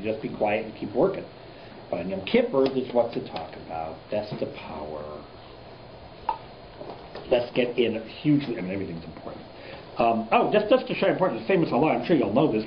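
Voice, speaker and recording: Rabbi giving a lively class, lots of "right?", kinda tinny echoey room sound. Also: male voice, mid-range voice, noisy background. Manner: animated, rhetorical questions, asides to the class. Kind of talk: informal Torah lecture. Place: classroom with students.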